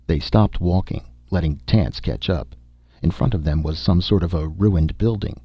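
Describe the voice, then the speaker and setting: Husky male audiobook narrator, steady delivery, close and dry. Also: low-pitched, normal speed, no echo. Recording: dull dry recording.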